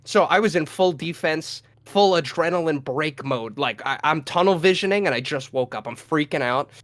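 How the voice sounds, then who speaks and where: A man's voice: a little high, normal speed, dry recording. Profane young man telling a story. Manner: profane, animated, acts out his own lines in a loud voice. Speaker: podcast co-host. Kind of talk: casual storytelling.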